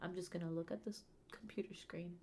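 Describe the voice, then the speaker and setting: A woman's voice: brisk, over a noisy crowd. A young woman co-hosting a casual chat podcast with a friend, joking and playful. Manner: playful, animated, puts on squeaky old-lady voices. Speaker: podcast co-host.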